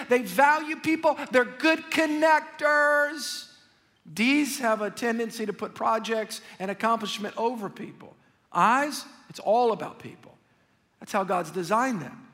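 A male pastor preaching a sermon in an animated, joking way, talking straight to the congregation. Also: very high-pitched, long reverb tail. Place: church sanctuary.

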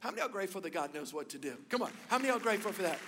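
A man preaches a sermon in a fairly high voice, animated as he tells stories and leans into emphatic points. His voice rings with the long reverb of a large hall. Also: very fast, noisy background. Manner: animated storytelling, rising to emphatic peaks. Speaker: pastor.

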